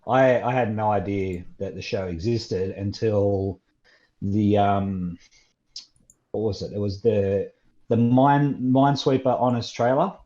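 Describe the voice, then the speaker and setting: A man's voice: on the low side, fairly even intonation, slow pace, dark tone, muffled recording. A man from Australia with an Australian accent, a podcast guest talking in hesitant, casual chat. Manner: hesitant, many restarts and fillers.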